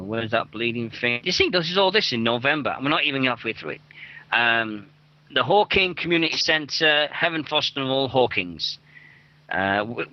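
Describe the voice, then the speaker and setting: A young man with a medium-pitched voice hosts a wrestling radio show, rambling through event listings with lots of swearing and self-mockery in casual show chat. The recording is dull, lo-fi, and dry, with no echo.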